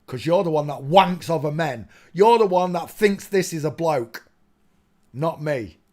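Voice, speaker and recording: A man's voice: fairly high pitch, lively intonation, measured pace, darkish tone. A man hosting a livestream, ranting in a rambling monologue to his chat and muttering to himself as he searches on screen. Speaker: livestream host.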